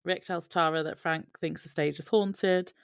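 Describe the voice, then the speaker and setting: A lower-voiced woman co-host recaps scenes in a steady, matter-of-fact way. The sound is close and dry, with no room echo. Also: unhurried, vocal fry, clean tone. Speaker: podcast co-host. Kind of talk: casual recap chat.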